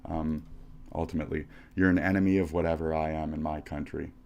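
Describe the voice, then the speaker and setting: Low-voiced ranting American man. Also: fairly even intonation, a little fast, creaky, a little mellow, slight background noise. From United States. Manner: aggressive, taunting, repeats insults. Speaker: livestreamer. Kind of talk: profane reaction rant.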